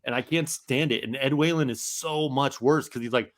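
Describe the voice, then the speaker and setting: A man's voice: mid-range voice, moderate pace, a bit bright. A man co-hosting a podcast, ranting in an exasperated, profane way. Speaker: podcast co-host. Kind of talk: casual podcast chat.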